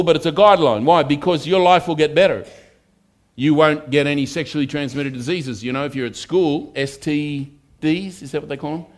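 A pastor preaching a conversational sermon to his congregation and asking them for amens. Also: a little high. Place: church.

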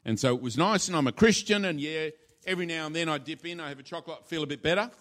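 A man's voice: fairly high pitch, fast, a bit bright. A male pastor preaching a sermon in a church, informal and playful, acting out little scenes as he teaches. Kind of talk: sermon with a live demonstration.

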